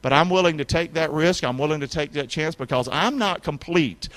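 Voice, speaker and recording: A man preaching a sermon as a pastor, with emphatic call-and-response and sudden shouted lines for emphasis. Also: fairly high pitch, fairly quick. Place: church sanctuary.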